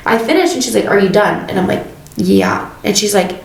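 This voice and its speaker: A woman's voice: medium pitch, a little fast, vocal fry, roomy sound, poor audio. A young woman, a hairstylist and podcast co-host, telling stories in casual chat and acting out the people in them. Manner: animated, acts out quoted dialogue, laughs often.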